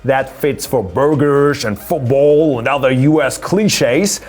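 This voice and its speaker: A man's voice: medium pitch, slow pace, a little mellow, breathy edge. A man in his thirties with a German accent, explaining things in an upbeat vlog, lifting his voice for emphasis. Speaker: photography YouTuber and former radio presenter.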